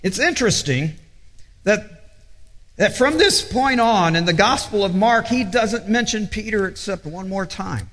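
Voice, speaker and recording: High-voiced preacher man in echoey hall. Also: animated. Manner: earnest, halting repetitions, drops low and soft for quoted scripture. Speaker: pastor. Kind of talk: sermon.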